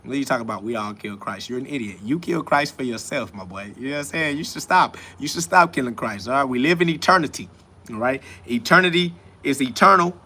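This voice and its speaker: A man with a medium-pitched, sharp-toned voice talks fast over slight background noise. He's hosting a casual livestream, replying to chat comments in a mocking, preachy, profane, rambling way.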